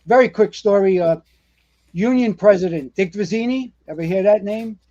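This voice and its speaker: High-voiced older New man. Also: normal speed, highs cut off. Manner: animated storyteller, rambling with many fillers and restarts. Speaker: retired fire captain guest. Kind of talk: casual storytelling interview.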